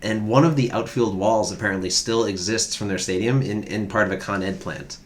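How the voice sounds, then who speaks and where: A man's voice: fairly low pitch, brisk. A man co-hosting a comedy trivia podcast, telling researched stories in a rambling, casual way. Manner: rambling, researched storytelling with fillers. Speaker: podcast co-host presenting trivia.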